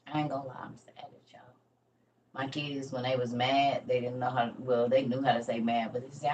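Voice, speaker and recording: Low-voiced woman, chatty. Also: steady tone, brisk, darkish tone. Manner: chatty, rambling, folksy. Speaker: livestream host and teacher. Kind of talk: casual livestream teaching. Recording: distant mic with faint background noise.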